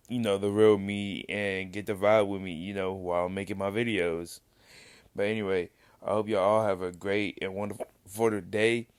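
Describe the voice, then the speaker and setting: Rich. A low-voiced young man with hiccups and a smooth, dry sound. He rambles loosely and keeps cutting himself off. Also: dry recording. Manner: rambling, loose, self-interrupting. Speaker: reaction vlogger. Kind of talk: casual reaction commentary.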